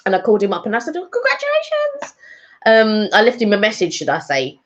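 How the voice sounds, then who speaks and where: A woman chats on a live stream at a middling pitch, wandering from thought to thought with plenty of ums and restarts. The audio is dull and lo-fi, like a stream captured through a basic setup. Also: expressive, fast. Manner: chatty, rambling with frequent fillers. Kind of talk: casual live-stream chat.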